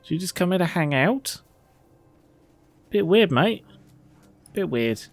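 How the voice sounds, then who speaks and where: Slow, lively gamer. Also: male voice, high-pitched, dry recording. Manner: excitable, swears, laughs often. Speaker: let's play host. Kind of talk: casual gameplay commentary.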